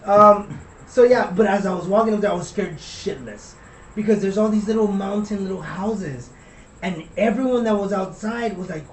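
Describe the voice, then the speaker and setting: Young man from Laredo, rambling and profane, a high voice; distant mic with faint hiss. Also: normal speed, echoey room. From Laredo, Texas. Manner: rambling, profane, trails off into mumbles. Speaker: podcast co-host telling a story. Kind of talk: casual storytelling.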